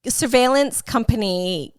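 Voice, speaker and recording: A chatty woman co-hosting a podcast, her voice sitting a little high. She rambles through fillers and swears freely. The sound is dry and close. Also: measured pace, smooth, dry recording. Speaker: podcast co-host. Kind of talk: casual chat.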